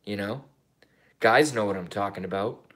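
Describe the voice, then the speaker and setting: A man in his thirties rambling through a political vlog monologue, excitable and profane, swinging from mumbled asides to loud outbursts and repeating himself. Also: on the low side, normal speed. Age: 30s. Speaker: YouTuber.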